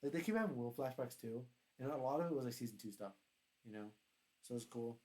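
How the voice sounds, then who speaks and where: A young man chatting casually on his own, rambling and excitable, often correcting himself as he goes. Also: mid-range voice, fast. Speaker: YouTuber reviewing a TV show. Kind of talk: casual solo review chat.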